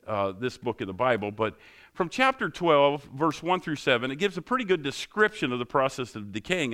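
A man's voice: medium pitch, a bit bright. Man preaching conversationally. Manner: conversational preaching with rhetorical questions and humor. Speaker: pastor. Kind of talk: sermon.

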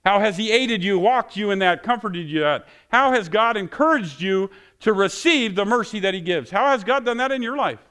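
A male pastor preaching with passion, closing his sermon in prayer and getting louder and higher when excited. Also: normal speed, hardly any pauses, clean tone. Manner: passionate, rising loud and high when excited.

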